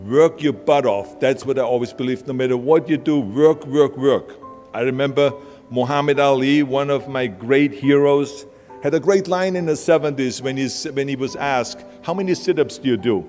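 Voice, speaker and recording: A man's voice: medium pitch, normal speed, a little mellow. Emphatic man with an Austrian accent. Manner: emphatic, blunt, plain-spoken. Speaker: motivational speaker. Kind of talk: motivational speech. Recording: hall reverb with music underneath.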